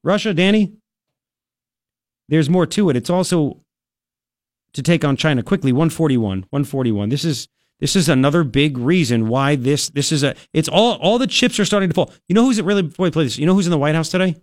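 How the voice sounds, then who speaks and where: A higher-voiced man hosting talk radio, sarcastic and lively as he swings between mock-high and low asides. His studio mic sounds close and dry, with no room in it. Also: fairly quick, dry recording. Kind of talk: opinionated radio commentary.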